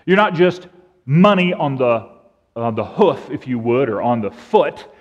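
A man's voice: medium pitch, animated, unhurried. A man preaching a sermon as pastor, telling stories animatedly and acting out the bleats and calls of sheep. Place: church sanctuary. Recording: dull sound with long church reverb.

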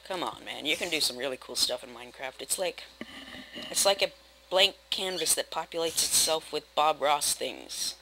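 A young man rambling through casual, self-mocking commentary while playing a building game, with sudden loud outbursts. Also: on the high side, moderate pace, background noise. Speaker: gaming video host. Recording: game music playing behind. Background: game music.

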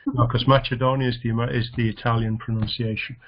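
Teacher, male, level monotone delivery, hesitant with fillers, muffled lo-fi call audio. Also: mid-range voice, quick pace, slight background noise. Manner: hesitant, many fillers and restarts. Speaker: English teacher. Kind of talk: online lesson. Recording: dull lo-fi video call audio.

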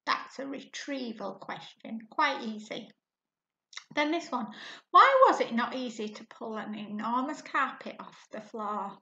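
Slow, bright-voiced woman teacher in an echoey room. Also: a little high, expressive. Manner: slow and patient, asks questions to the class; clears her throat often. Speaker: primary school teacher. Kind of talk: recorded reading lesson for pupils. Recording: echoey room, dull lo-fi sound.

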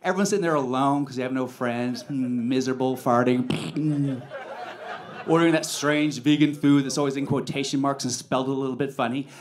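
A man's voice: medium pitch, fairly even intonation, fairly quick. A man doing a stand-up comedy set on a club stage, with a brash, profane, punchy delivery.

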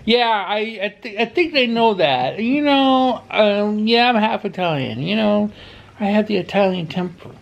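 Blunt, loud-talking man vlogging at home. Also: sits high, expressive, measured pace, vocal fry, highs cut off, slight background noise. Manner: blunt, loud, cussing, rambling. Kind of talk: casual home vlog chat.

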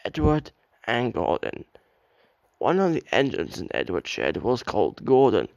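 A man's voice: mid-range voice, big pitch swings, a little slow, vocal fry, darkish tone, dry recording, highs cut off. A young man reading a children's railway story aloud as an amateur narrator, with occasional slips.

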